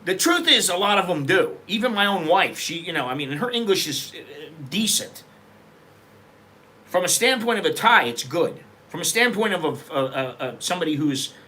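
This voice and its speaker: A man's voice: fairly high pitch, bright, forceful tone. A middle-aged American man hosting a casual, rambling chat, talking frankly and loosely. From United States. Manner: digressive, loose, frank talk with frequent restarts. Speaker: host.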